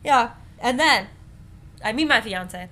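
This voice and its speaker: A woman's voice: on the high side, lively intonation, slow pace, sharp tone. A young woman hosting a faith podcast, telling her story in a chatty way with lots of "like" and acted-out quotes. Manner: chatty, many "like"s, acts out quoted voices. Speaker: podcast host.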